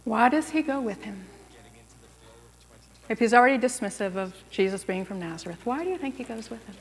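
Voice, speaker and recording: A woman's voice: on the high side, animated, a little fast. A woman preaching a sermon in a church, speaking conversationally and putting questions to her listeners. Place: church sanctuary. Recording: long reverb of a large room.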